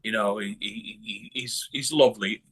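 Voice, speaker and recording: A man's voice: on the low side, moderate pace, a bit bright, husky. A man from northern England talking bluntly in a casual interview, swearing a lot and restarting his sentences. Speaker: guest musician.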